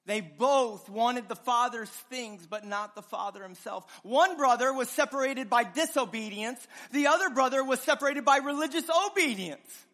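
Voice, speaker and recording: A pastor preaching a sermon with passion, his voice swinging between loud and hushed. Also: extremely high pitch, moderate pace, hardly any pauses. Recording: long reverb of a large hall.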